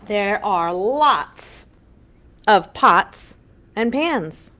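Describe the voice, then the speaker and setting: In an online children's storytime, a librarian animatedly reads a picture book in a sing-song voice for little ones. She speaks at medium pitch and extremely slowly.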